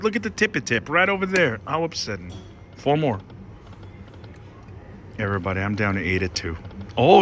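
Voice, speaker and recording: A man giving casual live commentary as he plays slot machines on a casino floor, excitable and pleading with the machine. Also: mid-range voice. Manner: excitable, pleading with the machine, keeps saying "everybody".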